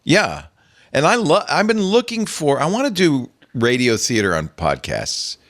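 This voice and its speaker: A man hosting a podcast in casual chat, playful and quick to joke. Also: fairly high pitch, big pitch swings, a bit bright, no echo, studio quality. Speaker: podcast host.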